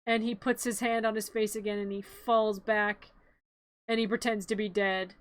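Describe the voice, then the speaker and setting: A woman's voice: medium pitch, normal speed. A woman streamer giving a rambling, joking play-by-play of a film in a casual live stream. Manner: animated, rambling play-by-play with jokes.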